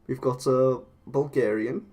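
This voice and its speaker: A man's voice: mid-range voice, steady tone, a little slow, darkish tone. Chatty English man, laughing streamer. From England. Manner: chatty, rambling, laughs often. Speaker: claymation streamer. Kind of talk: casual live-stream chat.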